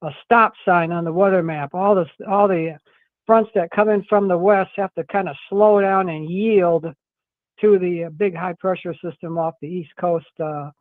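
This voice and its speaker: A man's voice: sits high, steady tone, moderate pace, dry recording. A man giving a chatty, easygoing radio weather forecast by phone. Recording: tinny phone line.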